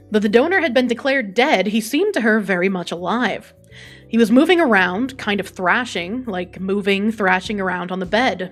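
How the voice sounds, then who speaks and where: A young adult woman streaming, chatting casually, reading an article aloud and swearing freely as she reacts to chat. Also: medium pitch. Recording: faint music behind.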